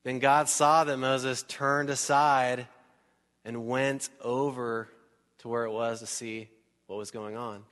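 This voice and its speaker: A male pastor preaching a sermon in a church hall. He talks in a conversational, animated way, asks the crowd questions and acts out little scenes. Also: medium pitch, slow. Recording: long hall reverb.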